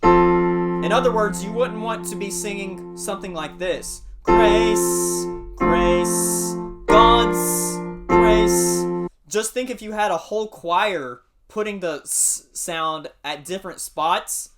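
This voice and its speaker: A man teaching a singing warm-up lesson, explaining patiently and singing short demonstrations. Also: sits high, a little slow, loud music behind the voice. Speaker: music teacher.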